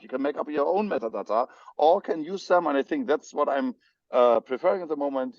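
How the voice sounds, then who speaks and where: A man's voice: fairly high pitch, gravelly, dry recording. Man, German accent, technical meeting talk, hesitant with fillers, muffled lo-fi call audio, dry sound. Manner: hesitant, many fillers and restarts. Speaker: spec editor. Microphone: video call. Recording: dull lo-fi video call audio.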